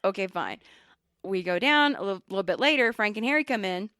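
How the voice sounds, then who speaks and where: Animated, profane woman telling a story. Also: medium pitch, quick pace, smooth, no echo, clean studio sound. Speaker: podcast co-host. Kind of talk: casual storytelling chat.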